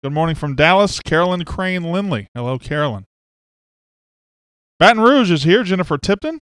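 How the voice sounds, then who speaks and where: A man from Mississippi hosts a casual sports livestream, chatting and reading viewer comments aloud over a webcam setup. His voice sits high and is very animated, with a moderate pace and a fairly bright, clear, resonant tone. The recording is dry and has clean studio sound.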